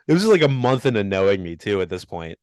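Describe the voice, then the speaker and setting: The young man's fairly low voice has a darkish yet clean tone and no echo. As a podcast co-host in casual conversation, he rambles through a tale, laughing often and tossing in self-deprecating asides.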